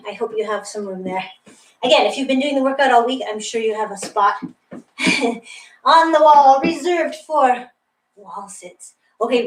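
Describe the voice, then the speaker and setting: A high-voiced woman leads a workout class, upbeat and encouraging, a little out of breath as she counts reps. She sounds a bit away from the mic in an echoey room, with faint noise behind her. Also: far from the mic. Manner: upbeat, encouraging, laughs often. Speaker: fitness instructor. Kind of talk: guided workout instruction. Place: room with a wall and ceiling tiles, indoors.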